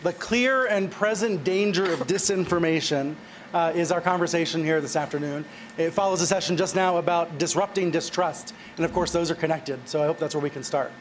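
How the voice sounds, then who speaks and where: A male panel moderator speaks in a chatty, slightly hesitant way. His pitch is a little raised, and clear background noise runs under the conference recording. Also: fairly quick.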